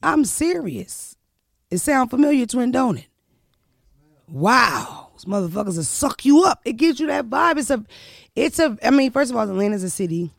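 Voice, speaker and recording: A woman's voice: fairly high pitch, moderate pace, vocal fry, no echo, clean studio sound. Brash, profane woman hosting a podcast. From Philadelphia. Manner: loud, brash, animated, profane. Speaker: podcast host. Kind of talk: casual chat.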